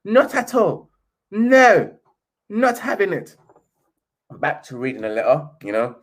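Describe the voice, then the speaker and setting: High-voiced British man ranting about football. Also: big pitch swings, slow pace. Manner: ranting, sarcastic, switches to a posh reading voice for quotes. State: slightly sniffly. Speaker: football channel host. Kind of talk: casual live stream commentary.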